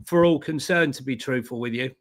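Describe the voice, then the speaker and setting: A man's voice: mid-range voice, brisk. A man co-hosting an online football news show, chatting casually and laughing easily. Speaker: co-host.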